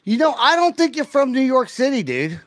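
Playful podcast host dude, pretty high voice, repeats stuff, dry sound. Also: male voice, sing-song, fairly quick, fairly bright tone, dry recording. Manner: playful, teasing, repeats himself. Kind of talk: casual interview chat.

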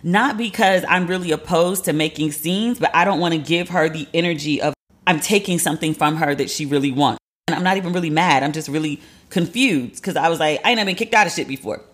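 Woman host, thirties, casual storytelling, animated and profane, voices the people she quotes. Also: sits low, fast talker. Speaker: podcast host.

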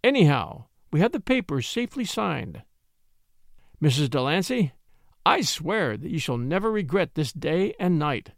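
Gallant young attorney, storybook, narrator plays him. Courteous, animated pitch, dry close mic. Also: male voice, unhurried, no echo. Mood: earnest.

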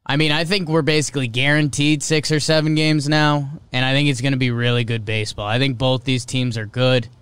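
A young man hosting a casual sports podcast, chatty and opinionated, with quick asides. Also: mid-range voice, flat delivery, a bit bright, clean tone. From American North. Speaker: podcast host.

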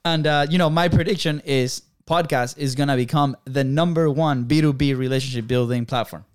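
A man co-hosting a podcast, upbeat and quick to laugh, who walks listeners through numbered action points. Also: mid-range voice, smooth, no echo, studio quality. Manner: upbeat, laughs easily, sums things up in lists. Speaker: podcast co-host. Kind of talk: casual podcast chat.

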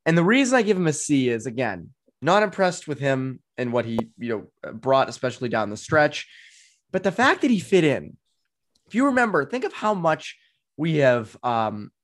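A man with a Boston accent hosting a casual sports podcast, animated and chatty, his voice jumping up when he gets excited, with frequent ums and restarts. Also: fairly high pitch, normal speed. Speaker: podcast host.

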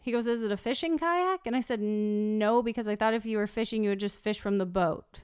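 A woman telling a story in casual chat, animated and laughing often, acting out what people said. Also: mid-range voice, fairly quick, clean tone.

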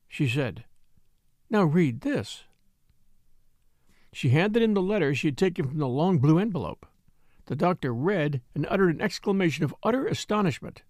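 A man's voice: a little mellow, no room sound, studio quality. A man narrating a classic mystery novel and voicing each character in turn. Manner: lifts his pitch for women's lines. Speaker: audiobook narrator.

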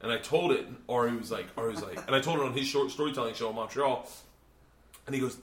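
A man hosting a podcast, telling a long story in casual chat, swearing a lot and rambling with animated energy. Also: mid-range voice, quick pace, very noisy. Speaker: podcast host and comedian. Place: hotel room. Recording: roomy hotel room echo.

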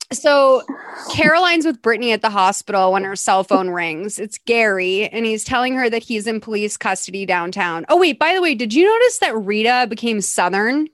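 A woman's voice: a little high, expressive, moderate pace, no echo. A young adult woman hosting a podcast, recapping a movie in a chatty, sarcastic way. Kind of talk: casual movie recap chat.

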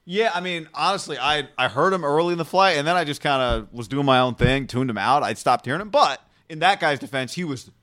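A man co-hosting a podcast, telling anecdotes in a relaxed, chatty way. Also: fairly high pitch, fairly quick, hardly any pauses. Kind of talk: casual chat.

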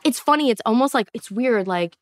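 A woman's voice: fairly high pitch, fairly quick, dry recording. A Canadian woman in her forties, a podcast guest telling stories in casual chat, with lots of fillers and restarts. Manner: chatty, animated storyteller with many fillers and restarts.

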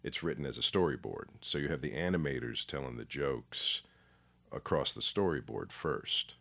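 Very deep gravelly-voiced man. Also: lively intonation, normal speed, a bit bright. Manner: rambling, self-deprecating storyteller. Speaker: actor, interview guest. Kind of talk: casual interview chat.

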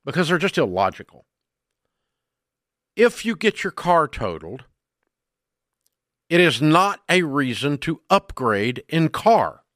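A man's voice: on the high side, very animated, slow, long pauses, fairly bright tone, no echo. An older man with a Southern drawl hosts a radio talk show and delivers a blunt, scolding rant on a close studio mic. His voice is dry and close, with no room around it.

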